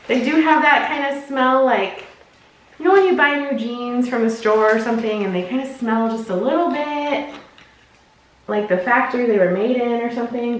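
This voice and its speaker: Woman reviewer, high voice, chatty and gushing, boomy distant room sound. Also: slight background noise. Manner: chatty and gushing, talks to the clothes. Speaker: clothing subscription box reviewer. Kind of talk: casual unboxing and try-on chat. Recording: echoey room, mic at a distance.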